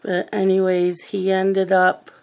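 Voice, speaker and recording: With a gravelly, medium-pitched voice and a completely flat delivery, this middle-aged woman takes things slowly as she hosts a coloring video. She chats casually and rambles through stories about her family while working.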